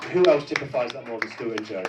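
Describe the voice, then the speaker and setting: A man's voice: medium pitch, fast talker, very noisy. A tipsy man giving a rambling, crude wedding speech for his brother, full of hesitations and self-deprecating jokes. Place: wedding reception hall with guests. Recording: roomy echo, distant mic, loud crowd.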